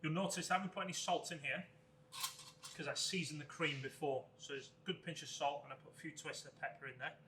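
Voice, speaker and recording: A man, a chef, talking through a cooking demonstration step by step in a relaxed way. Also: on the high side, a little fast, echoey room, background noise. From Wales.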